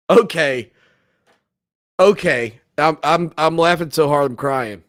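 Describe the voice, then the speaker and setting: A man hosts a sports talk show with a high-pitched voice and a slow, drawn-out delivery. He banters playfully and jokes with the viewers watching along. The recording is dry and close. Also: no room sound. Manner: playful, laughing, joking with chat viewers. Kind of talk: casual chat.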